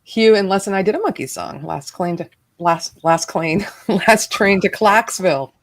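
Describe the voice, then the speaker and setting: A woman hosting a casual livestream, chatty and quick to laugh as she thanks her guests. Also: mid-range voice, expressive. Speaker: livestream host.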